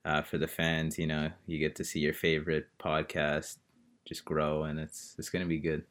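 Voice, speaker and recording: A man co-hosting a casual podcast, joking and making mock-grand pitches to the listeners. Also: monotone, moderate pace, fairly bright tone. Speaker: podcast co-host. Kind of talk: casual chat.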